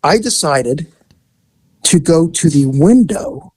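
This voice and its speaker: A man and former police officer, telling a story in a casual, animated way and acting out the voices in it. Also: a little high, slow pace, breathy edge, no echo. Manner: animated, acts out voices in his stories.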